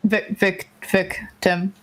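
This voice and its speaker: A woman's voice: mid-range voice, level tone, slow, noisy background. Giggly woman streamer chatting. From Germany. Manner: giggly, lots of laughter and fillers. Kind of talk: casual chat while playing a visual novel.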